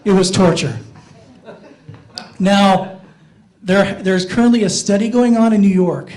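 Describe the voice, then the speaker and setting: Middle-aged man with a high, unmasculine voice. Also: unhurried, darkish tone. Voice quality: not very masculine voice. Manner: self-mocking, talks with the audience. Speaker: stand-up comedian. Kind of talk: stand-up comedy. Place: playhouse stage.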